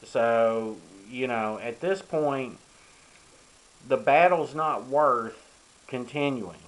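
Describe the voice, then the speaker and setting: A man's voice: mid-range voice, slow, poor audio. Folksy older man rambling. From Arkansas, USA. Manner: folksy, rambling, many ums and you-knows. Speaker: vlogger. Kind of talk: casual advice talk to camera.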